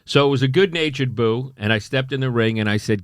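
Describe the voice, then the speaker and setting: A middle-aged man with a New York accent, a comedian and former cop, telling animated stories on a talk show. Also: mid-range voice, a little fast, clean tone, no room sound, clean studio sound. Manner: animated anecdotes, acts out quoted voices. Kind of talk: casual storytelling.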